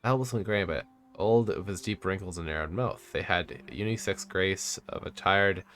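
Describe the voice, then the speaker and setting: Deep-voiced man reading game text. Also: fairly bright tone, slight background noise. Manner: halting reading with stumbles and asides. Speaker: streamer reading a game aloud. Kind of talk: reading narrative game text aloud on stream.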